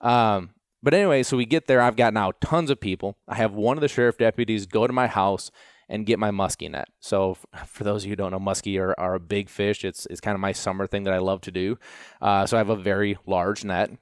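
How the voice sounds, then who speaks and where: Low, smooth-voiced man telling a story. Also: brisk, no echo, studio quality. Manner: animated, self-deprecating, with frequent fillers. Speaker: gundog trainer telling a story. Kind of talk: casual storytelling.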